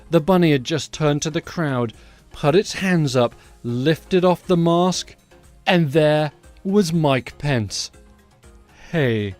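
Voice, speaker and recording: Man, podcast host, sarcastic news commentary, lively storytelling, slightly high voice.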